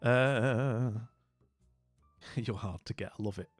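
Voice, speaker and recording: A man's voice: mid-range voice, takes it slowly. A British man streaming live, chatting casually with his viewers, rambling and often trailing off into mumbles. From Britain. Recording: dry close recording with faint music.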